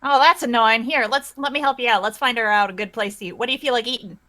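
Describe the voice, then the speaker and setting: A woman's voice: fairly high pitch, quick pace, sharp tone. A woman player speaking as her character in a tabletop game, friendly and eager to help.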